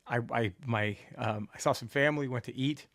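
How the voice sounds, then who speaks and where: A man's voice: medium pitch, brisk, dry recording, studio quality. A man from Texas telling a profane road trip story as a podcast co-host, acting out what people said. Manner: animated, profane, acts out quotes.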